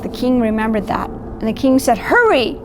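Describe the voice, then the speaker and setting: A woman's voice: on the high side, brisk, background noise. A middle-aged woman reading a picture book aloud, stopping to point out the pictures and chat about the story. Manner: warm asides, pointing out pictures. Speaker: volunteer storyteller.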